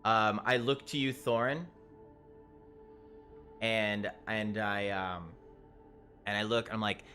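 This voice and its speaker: A man narrates a tabletop game as game master, stopping often to restart his sentences. He talks slowly and loosely, with the odd curse. His voice has a bright, forceful edge. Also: on the low side, fairly even intonation, faint music behind. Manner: halting, many fillers and restarts, casual profanity.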